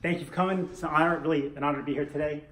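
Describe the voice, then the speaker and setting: A man teaching a class, joking and asking rhetorical questions in a playful, animated way. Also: a little high, rapid-fire, a little hiss or hum. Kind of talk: lecture with jokes. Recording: roomy echo.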